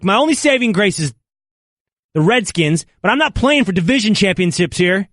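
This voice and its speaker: A man hosting sports talk radio, his voice climbing and swooping as he rants in mock outrage. The pitch sits a little high for a man. He speaks on a close mic in a dry studio. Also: animated, moderate pace, a bit bright, dry recording. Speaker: radio host.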